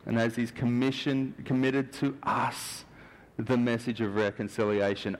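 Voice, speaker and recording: A man's voice: mid-range voice, little pitch movement, a little slow. A man preaching a sermon in an earnest, questioning manner. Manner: earnest, searching, asks many questions. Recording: long hall reverb.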